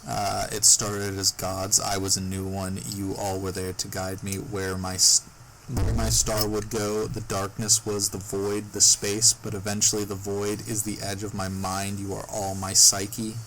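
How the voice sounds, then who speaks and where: A man's voice: lowish voice, completely flat delivery, measured pace, fairly bright tone, a little hiss or hum, poor audio. A young man casually recounting a story on a podcast, reading from his notes as he goes. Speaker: podcast host.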